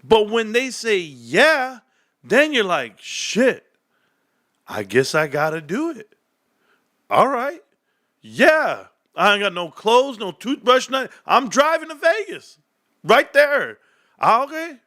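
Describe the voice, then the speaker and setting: A man's voice: very high voice, big pitch swings, slow, sharp tone. A middle-aged man hosting a casual livestream, rambling through slangy stories and laughing often. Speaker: livestream host.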